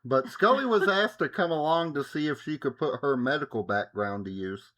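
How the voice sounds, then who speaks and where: A man's voice: fairly high pitch, animated, normal speed, a bit bright. A young adult man co-hosting a podcast, recapping an episode with joking asides. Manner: joking, summarizes plot with playful asides. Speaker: podcast co-host. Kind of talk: casual chat and episode recap.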